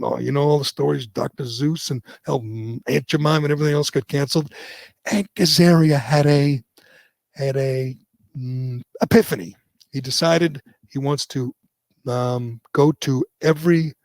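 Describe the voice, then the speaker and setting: Man, radio host, gravelly voice, dry close sound, sarcastic, halting with fillers. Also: on the high side, no echo. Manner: sarcastic, hesitant with many fillers. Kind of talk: opinionated talk radio monologue.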